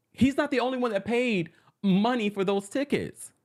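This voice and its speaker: A host giving casual pop culture news commentary in a dramatic, animated way, laughing often. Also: mid-range voice.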